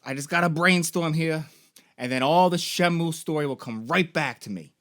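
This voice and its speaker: A man's voice: fairly high pitch, normal speed, fairly bright tone. A young man hosting a casual recap of a game series, rambling and swearing, with many fillers. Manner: rambling, profane, full of fillers. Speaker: toy and game store host.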